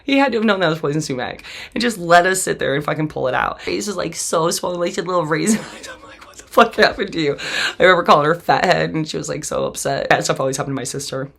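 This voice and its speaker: A woman's voice: sits low, fast talker, gravelly. A woman in her forties hosting a podcast, telling her own family story bluntly and with swearing, often laughing through hard memories. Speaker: podcast host. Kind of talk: candid personal storytelling.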